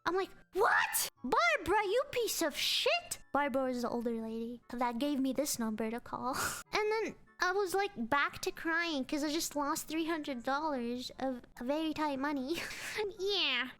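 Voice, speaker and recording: A woman's voice: normal speed, fairly bright tone, soft background music. A woman streamer telling a casual, dramatic story about her own mishap, swearing freely. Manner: dramatic, swears freely, jumps between pitches. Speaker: virtual streamer.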